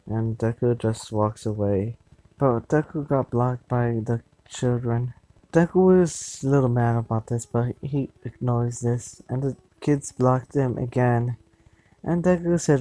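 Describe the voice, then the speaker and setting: A man improvising a fan-fiction story in a halting way, with restarts and repeated words. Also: medium pitch, fairly even intonation, a little mellow, dry recording, rough recording.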